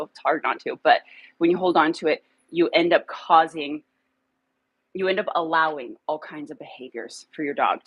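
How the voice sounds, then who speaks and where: A woman who trains dogs chats loosely on a live stream from her home, stopping now and then to call her dogs. Her voice sits on the low side with a husky, breathy edge. The recording is close and dry. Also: no echo, rough recording. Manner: rambling, calls her dogs in a high coaxing voice. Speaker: dog trainer. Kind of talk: casual live stream talk. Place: home room with a computer.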